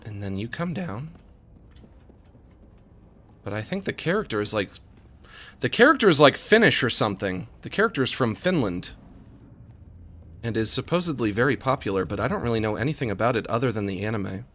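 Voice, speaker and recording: A man's voice: mid-range voice, expressive, fairly quick, long pauses, fairly bright tone. A man streaming a co-op game, joking and chatting casually with his partner as he plays. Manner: joking, talks to his co-op partner while playing. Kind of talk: casual let's-play chatter.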